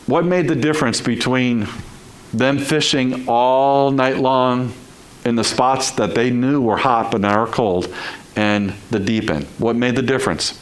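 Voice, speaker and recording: A man's voice: medium pitch, measured pace, poor audio. A male pastor preaching a sermon in a conversational style, full of rhetorical questions to the congregation.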